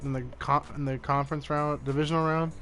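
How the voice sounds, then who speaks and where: A man's voice: on the high side, flat delivery, fast talker, a bit bright, slight background noise. Young man telling gaming stories. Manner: laughing, storytelling, swears freely. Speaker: gaming streamer. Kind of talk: casual chat.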